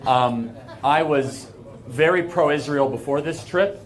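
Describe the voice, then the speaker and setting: A man's voice: on the high side, slow. Earnest American man giving a speech. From United States. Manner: earnest and emphatic, conversational with asides. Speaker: guest speaker. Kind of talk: speech to a live audience. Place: event hall with an audience.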